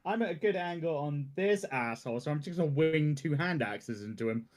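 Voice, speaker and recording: Male player, slightly high voice, plain and matter-of-fact. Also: animated, brisk. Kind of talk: casual game chat.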